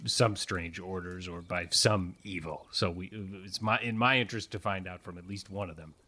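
Low low voice, guy making earnest in-character speeches at the table. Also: steady tone, moderate pace, pushed and bright, husky. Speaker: player. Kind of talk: tabletop role-play.

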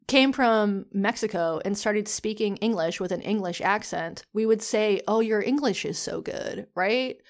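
A woman co-hosting a podcast in casual chat, talking with lots of fillers and restarts. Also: mid-range voice. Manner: chatty, many fillers and restarts. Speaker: podcast co-host.

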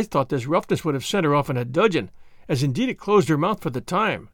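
A man narrating a classic novel in a measured, expressive storytelling manner into a close studio mic. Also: fairly high pitch, dry recording. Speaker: audiobook narrator.

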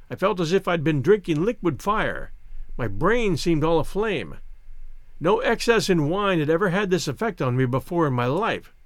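A man reading a classic story aloud as narrator, in an expressive, dramatic way. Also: a little high, dry recording, studio quality.

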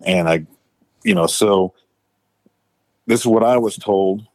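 A man's voice: fairly low pitch, slow, no echo. A man, a former tow truck driver, telling a rambling, profane story full of fillers and restarts. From Florida Panhandle, US. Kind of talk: casual storytelling.

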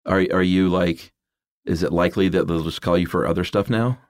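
A man's voice: sits low, fairly even intonation, fairly quick, no echo, studio quality. A man hosting a casual interview, easygoing and encouraging, with frequent short replies while his guest talks. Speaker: podcast host.

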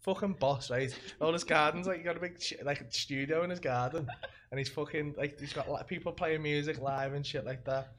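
A man's voice: fairly high pitch, steady tone, fairly quick, a bit bright, slight background noise. Swearing Liverpool man telling stories. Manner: rambling storyteller, heavy swearing, acts out quoted voices. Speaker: podcast host. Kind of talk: casual podcast chat.

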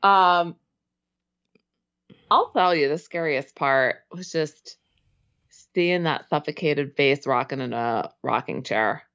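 A young woman co-hosting a casual movie podcast, giggly and animated as she retells scenes. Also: low-pitched, takes it slowly, pauses often, smooth, dull audio. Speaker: podcast co-host.

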